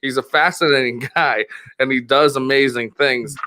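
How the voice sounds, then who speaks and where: A man's voice: medium pitch, fairly even intonation, normal speed, sharp tone, slight background noise. A man hosting a podcast, telling a long, profane story in casual chat, laughing often and rambling with restarts. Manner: rambling, profane, laughs a lot, acts out quoted voices. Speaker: podcast host.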